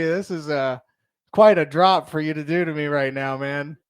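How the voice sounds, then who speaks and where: A man's voice: on the high side, steady tone, moderate pace, clear, resonant tone, no room sound. A young man doing a stand-up comedy set in a bar, telling crude stories in a loose, rambling way full of fillers.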